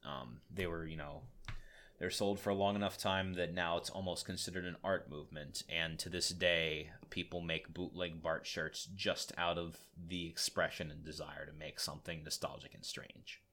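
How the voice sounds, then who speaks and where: A man's voice: low-pitched, steady tone, normal speed, pushed and bright. A man hosting a podcast, giving a rambling, good-humored lecture with frequent fillers and laughs. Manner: rambling, laughing, self-deprecating. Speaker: podcast host.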